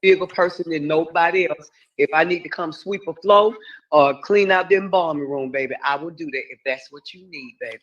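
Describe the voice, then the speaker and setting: Caller, man, higher voice, dull muffled phone sound, tender and reassuring. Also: a little fast, a bit bright. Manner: soothing, calls the listener baby. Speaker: caller on a livestream. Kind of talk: heartfelt call-in comfort.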